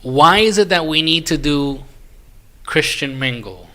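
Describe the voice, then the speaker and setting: A man co-hosting a podcast in casual chat, animated and self-mocking, swearing freely. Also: on the high side, unhurried. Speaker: podcast co-host.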